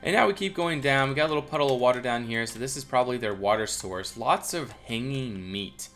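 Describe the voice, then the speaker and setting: A man's voice: medium pitch, a little fast, a bit bright, faint music behind. A young man casually commenting on a video game build, rambling with many fillers and restarts. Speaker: build reviewer.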